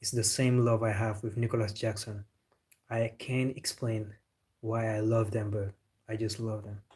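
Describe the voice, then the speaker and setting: A man's voice: on the low side, flat delivery, normal speed, darkish tone, slightly rough. A man from Senegal hosting a football live stream. He chats casually, answers viewer comments, jokes and says "bro" a lot. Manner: laid-back, joking, says "bro" often.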